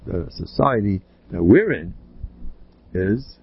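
Husky-voiced man preaching with sweeping emphasis. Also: very animated, slow pace. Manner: emphatic and blunt, climbing into high exclamations and rhetorical questions. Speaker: rabbi lecturing a congregation. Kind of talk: Torah lecture. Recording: slightly dull, lo-fi recording.

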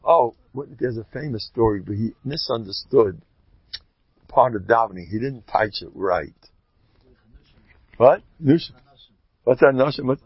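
A man, giving an animated Torah lecture. His gravelly, husky voice swings widely in pitch as he tells stories. The recording is dry and dull, lo-fi. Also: unhurried, long pauses, dry recording. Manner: animated storyteller, jumps between Hebrew terms and English slang. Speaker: rabbi giving a class.

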